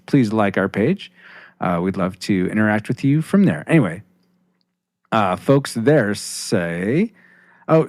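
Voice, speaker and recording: A man's voice: on the low side, dry recording. A man hosting a casual podcast, rambling with restarts while reading listener comments on a close mic. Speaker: podcast host.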